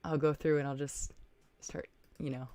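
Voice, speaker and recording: Low-voiced woman livestreaming. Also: level tone, moderate pace, warm tone, no echo, studio quality. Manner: chatty, thinks aloud, thanks viewers by name. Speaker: livestream host. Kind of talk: casual livestream chat reading viewer comments.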